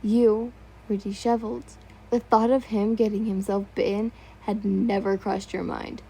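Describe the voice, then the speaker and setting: A woman's voice: mid-range voice, level tone, measured pace, gravelly, mellow, a little hiss or hum, low-quality recording. A woman reading fan fiction aloud, stumbling over words now and then and remarking on typos. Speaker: story reader.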